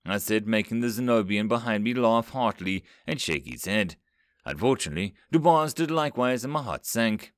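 Man with lively pitch narrating a story. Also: normal speed, clear, resonant tone, no room sound, studio quality.

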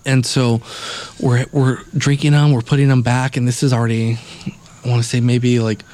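Speaking at normal speed with a flat, slightly mellow, medium-pitched voice, a man rambles through a lengthy travel tale in a laid-back podcast conversation. Heavy swearing runs throughout, and he performs other people's lines as he quotes them.

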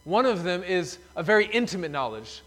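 A man's voice: high-pitched, very animated, brisk, a bit bright. A man preaching a sermon as pastor in a church sanctuary, telling the story emphatically. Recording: long reverb of a church hall.

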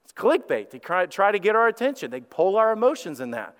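A man preaching a sermon as lead pastor, animated, acting out quoted prayers and repeating his words. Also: sits high, brisk, clear, resonant tone, big-room sound. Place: church sanctuary.

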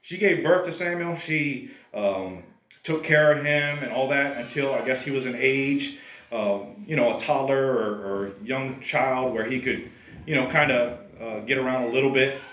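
A man preaching a sermon to a congregation in a conversational, animated way, often calling the listeners "guys". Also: medium pitch, moderate pace, reverberant, slight background noise. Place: church service.

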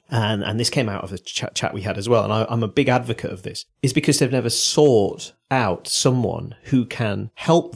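A man's voice: on the low side, a little mellow. A man co-hosting a podcast, reflecting in a casual chat with stammered restarts. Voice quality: gravelly, husky. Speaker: podcast co-host.

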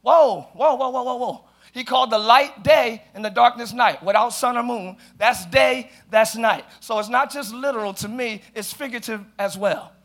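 A man with a very high, bright, ringing voice, preaching a sermon. He asks the congregation questions and drives his points home, rising into shouts and sung phrases. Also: moderate pace. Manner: call-and-response preaching, builds to shouting. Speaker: pastor. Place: large church.

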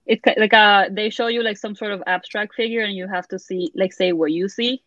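A woman's voice: medium pitch, steady tone, brisk, fairly bright tone, no echo. A woman guest on a podcast, an artist chatting casually and laughing easily. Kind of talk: casual chat. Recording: dry, dull lo-fi sound.

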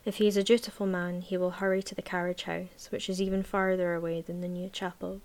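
A woman reading a novel aloud in a measured, even voice, then chatting casually about the book. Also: lowish voice. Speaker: book reviewer.

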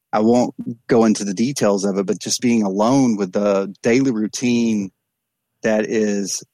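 On a candid podcast, a man from East Texas who works as an addiction counselor reflects earnestly, frequently restarting and repeating words. His voice is lowish with a darkish tone, and there is no room sound.

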